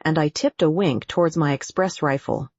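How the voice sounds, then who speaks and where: A woman reads an adventure audiobook in a low, husky voice, steady and deliberate. The recording is dry and close, with a slightly dull, muffled tone. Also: no room sound. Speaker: audiobook narrator. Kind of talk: scripted audiobook narration.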